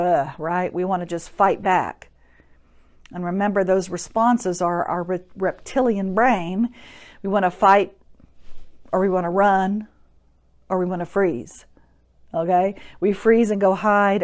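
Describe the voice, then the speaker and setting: A woman's voice: mid-range voice, a little mellow. A woman hosting a live-streamed talk, teaching in an encouraging, chatty way and greeting viewers by name. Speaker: host.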